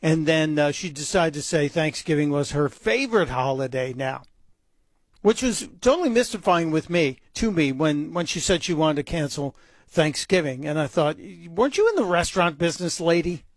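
A man with a fairly high voice holds forth as a talk radio host, his commentary sarcastic and mocking. The recording is dry, close on the mic. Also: moderate pace, no room sound. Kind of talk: opinion talk radio monologue.

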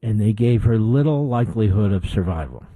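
A man's voice: on the low side, animated, brisk, mellow, no room sound, low-quality recording. A middle-aged man hosting a political talk show, delivering an indignant opinion monologue with emphatic repetition.

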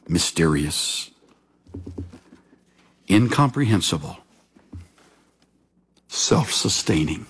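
A man preaching a sermon as a pastor, in a measured, earnest delivery that sinks into hushed, intense passages. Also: mid-range voice.

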